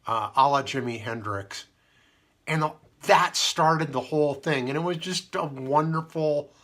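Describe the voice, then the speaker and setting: Gravelly rambling man. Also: medium pitch, sharp tone. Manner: meandering, full of fillers and asides. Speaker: radio host. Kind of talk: rambling casual radio chat.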